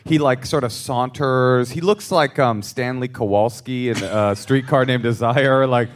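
A man's voice: mid-range voice, fairly even intonation, a little slow. A man co-hosting a live comedy podcast on a theater stage, trading dry, wisecracking asides. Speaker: podcast co-host.

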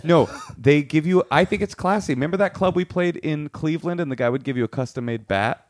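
A man co-hosting a comedy podcast, bantering in an animated, mock-serious way. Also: on the high side, a little fast, dry recording, clean studio sound. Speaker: podcast co-host.

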